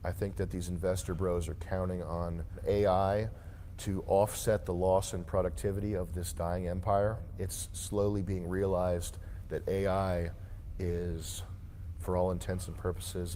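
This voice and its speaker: A man's voice: low voice, mellow, slight background noise. A man streamer giving opinionated, lecturing commentary in a reaction stream.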